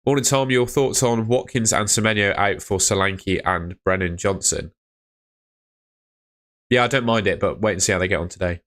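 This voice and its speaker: A laid-back young man talks in a low voice. He sounds chatty and easygoing as he reads viewer messages aloud during a live stream. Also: moderate pace, fairly bright tone. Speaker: fantasy football streamer. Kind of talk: casual live-stream chat reading comments.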